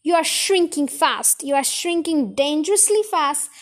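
A woman voicing a mean, gloating old man in a storybook reading, speaking slowly and tauntingly. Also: high-pitched, lively intonation.

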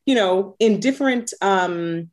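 A woman in her thirties, a coach, talking in an interview in an earnest, unhurried way with conviction. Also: mid-range voice, animated. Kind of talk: podcast interview, reflective.

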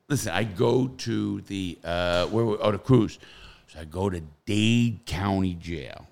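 A middle-aged man telling profane, animated stories in casual podcast chat, with loud bursts. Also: fairly low pitch, unhurried, gravelly.

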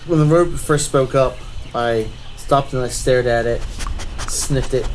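A man's voice: mid-range voice, unhurried, background noise. A man taking part as a player in a tabletop game, chatting casually about his character.

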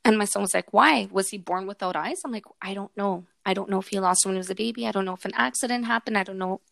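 A woman hosts a casual podcast chat, telling lively stories and slipping into quoted voices. Her voice sits mid-range and sounds close and dry, with no room around it. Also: medium pitch, rapid-fire, creaky, no echo. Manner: animated storyteller, acts out dialogue with her son. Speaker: podcast host.

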